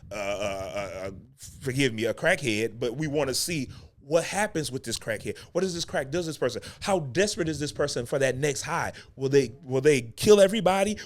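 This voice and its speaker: A middle-aged man hosting a talk show for actors, ranting with emphatic repeats and casual slang. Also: a little high. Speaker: acting coach and podcast host. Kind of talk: unscripted talk-show rant.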